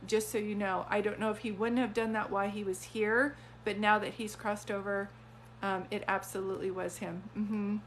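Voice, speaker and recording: A woman's voice: medium pitch, level tone, normal speed, slight background noise. A woman working as a psychic medium, giving an earnest, conversational reading on a live stream. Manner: earnest, conversational, relays messages.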